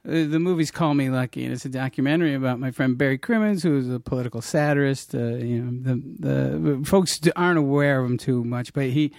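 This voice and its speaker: A man's voice: medium pitch, fairly quick, gravelly, few pauses, a little mellow, no room sound. Dry, close-miked rambling middle-aged man. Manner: rambling, laughing storyteller with many restarts. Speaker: comedian guest. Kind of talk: casual interview chat.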